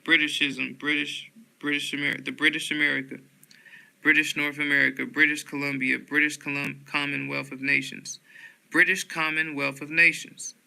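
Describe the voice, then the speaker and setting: Man, steady dictionary reader; bright, crisp and gravelly voice, slow monotone delivery. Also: a little high, poor audio. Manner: slow, flat word-by-word reading with occasional stumbles and fillers. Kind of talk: reading dictionary entries aloud.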